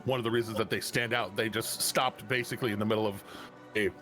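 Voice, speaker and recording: A man's voice: lowish voice, steady tone, fast, fairly bright tone, soft background music. A man narrating as game master of a tabletop game, rambling with lots of restarts and fillers. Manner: rambling, full of uh and restarts, chuckling.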